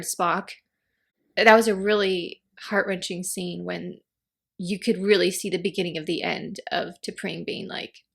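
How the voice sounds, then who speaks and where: Creaky-voiced woman reviewing a TV episode. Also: mid-range voice, unhurried. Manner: animated, acts out characters' lines in quotes. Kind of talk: casual spoken review.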